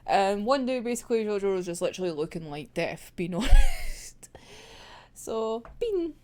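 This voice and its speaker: A woman's voice: medium pitch, huge pitch swings, normal speed, a little mellow. A young woman casually recapping a manga plot, giggling often and swearing freely as she tells it. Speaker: manga reviewer.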